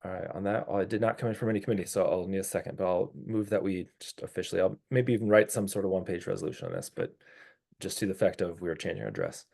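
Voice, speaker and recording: A man's voice: deep voice, animated, very fast, gravelly, darkish tone. A man chairing a public neighborhood commission meeting in a casual, clarifying way while losing his voice.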